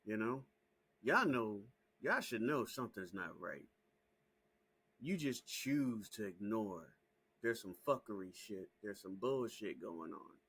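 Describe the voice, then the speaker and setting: A man's voice: lowish voice, expressive, slow, breathy edge. Profane, heated man ranting to camera. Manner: heated, profane and repetitive, rising into shouting. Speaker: small YouTube channel host. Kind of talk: casual direct-to-camera rant.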